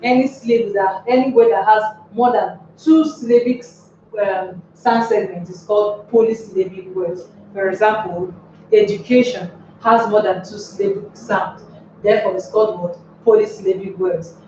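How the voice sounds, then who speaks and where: A woman teaching a grammar lesson, speaking slowly and deliberately and putting rhetorical questions to the class. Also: mid-range voice, darkish tone. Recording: echoey room, distant mic, dull lo-fi sound with faint noise.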